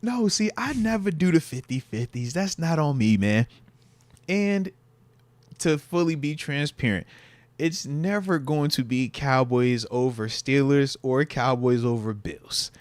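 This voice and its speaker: Lively slangy man talking sports. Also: mid-range voice, unhurried, dry recording. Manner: animated, slangy, repeats phrases. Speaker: podcast co-host, former player. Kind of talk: casual sports chat.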